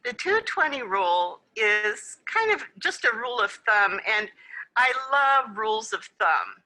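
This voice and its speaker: A woman's voice: fairly high pitch, very animated, measured pace, bright, forceful tone, poor audio. A woman presenting a conference session over a video call, explaining in a friendly way with some fillers. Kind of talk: webinar presentation.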